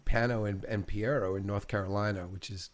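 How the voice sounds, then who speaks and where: A man's voice: on the low side, steady tone, a little fast, a crowd in the background. A middle-aged man in an intimate casual chat with his partner, rambling and repeating words, often emotional. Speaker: host interviewing his partner.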